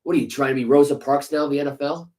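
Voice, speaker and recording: A man co-hosting a sports podcast speaks at a racing pace in a medium-pitched, slightly mellow voice with a steady tone. His casual rant is heated, profane, and full of sarcastic rhetorical questions, captured in a low-quality recording.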